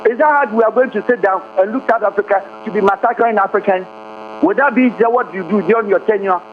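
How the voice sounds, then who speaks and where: A man delivers fervent political commentary as a radio guest, hopping between Twi and English and stacking up rhetorical questions. His voice sits high for a man. It comes through a thin, phone-like line with a faint hum underneath. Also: fast.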